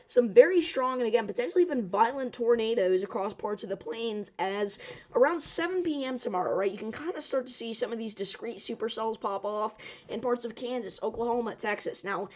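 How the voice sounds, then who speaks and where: A woman with a hoarse, worn voice giving an urgent, emphatic severe weather forecast, often checking in with the viewer. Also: a little high, expressive, fairly quick. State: hoarse, strained voice.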